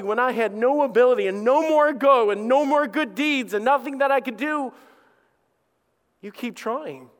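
A man's voice: very high-pitched, normal speed, a bit bright. A middle-aged male pastor preaching an impassioned sermon, acting out the voices of his listeners. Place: church auditorium. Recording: long reverb of a large hall.

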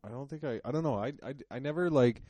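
A man's voice: mid-range voice, quick pace, mellow, no echo. A young man co-hosting a podcast, telling rambling, self-mocking stories in casual comedic chat. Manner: rambling, self-mocking storytelling with many fillers. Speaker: podcast co-host.

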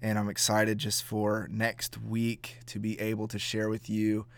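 A man who is a pastor and podcast host, talking earnestly in a reflective monologue, often halting and repeating words. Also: fairly low pitch, completely flat delivery, smooth, no echo.

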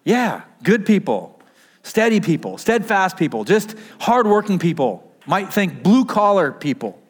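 A man preaching a Sunday sermon in a relaxed, conversational manner. He sits a little high in pitch and keeps asking the congregation questions, then answers them himself. He talks through a mask that muffles him a bit. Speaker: pastor. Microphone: wearing a mask.

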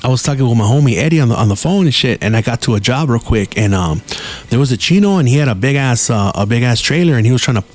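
A man spins a loose, casual story for his podcast. He swears freely and drops Spanish slang into his sentences. His voice sits at an ordinary middle pitch. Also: animated, fast talker, a little mellow. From Mexican-American. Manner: profane, slangy, mixes in Spanish words. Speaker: podcast host.

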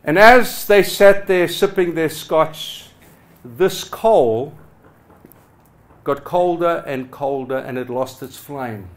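A middle-aged man preaching a passionate sermon to his congregation, swinging from loud urging to quiet, hushed lines. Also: fairly high pitch, slow pace. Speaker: pastor. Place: church hall with a congregation.

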